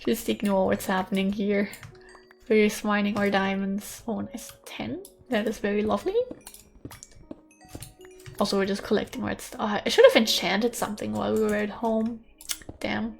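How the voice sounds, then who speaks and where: Chatty gravelly-voiced woman gamer. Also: medium pitch, little pitch movement, normal speed, faint music behind. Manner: chatty, thinking aloud while playing, light self-mockery. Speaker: gaming channel host. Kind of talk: casual let's-play commentary. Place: her bedroom at home. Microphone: USB studio microphone.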